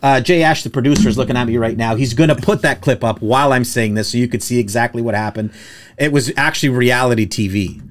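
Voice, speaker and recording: A man's voice: medium pitch, fast. Guy hosting a chatty podcast, tells stories, jokey, does little voices for people he quotes. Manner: storytelling, jokey, acts out quotes in raised voices. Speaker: podcast host, tow truck operator. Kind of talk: casual podcast chat. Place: studio with producer present.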